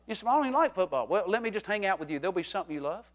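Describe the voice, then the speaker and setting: A middle-aged male pastor preaching a humorous, animated sermon to his congregation, moving from quiet talk to shouting. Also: high voice, racing. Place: church sanctuary.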